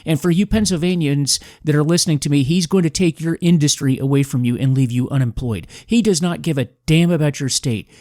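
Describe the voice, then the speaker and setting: A man's voice: a little high, fairly quick, hardly any pauses, darkish tone, no room sound, clean studio sound. A man hosting a podcast, giving an emphatic, combative political commentary monologue in a preachy manner. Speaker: podcast host.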